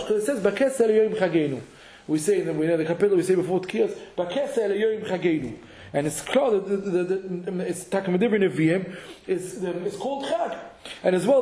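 A Torah teacher with a fairly high, slightly dark voice gives a halachic lesson, thinking aloud and often restarting or repeating words. He sprinkles in Hebrew and Yiddish terms, and the room around him is reverberant and echoey.

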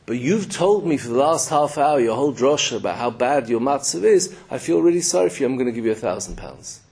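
A man voicing a wealthy man who speaks in a measured, condescending way. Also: mid-range voice, lively intonation, vocal fry, darkish tone, husky. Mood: patronizing. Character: rich man, calm and patronizing.

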